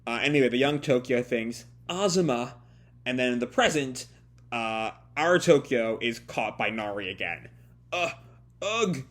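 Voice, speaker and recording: A man's voice: mid-range voice, normal speed, a bit bright. Hesitant man talking through a comic. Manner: hesitant, many fillers and restarts. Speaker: manga reviewer. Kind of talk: casual live reading commentary.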